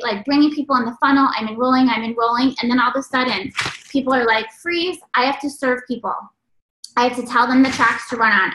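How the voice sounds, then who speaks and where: Casting note: high, bright, energetic woman delivering a motivational stage talk in an echoey room. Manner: energetic, preachy, exclamatory. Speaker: network marketing speaker.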